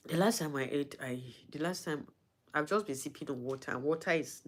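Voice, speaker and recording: A woman talking to her followers in a personal vlog, halting and emotional, with frequent restarts, sounding weak and in pain. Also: low voice, slight background noise. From Nigeria. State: in pain and weak from not eating. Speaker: vlogger.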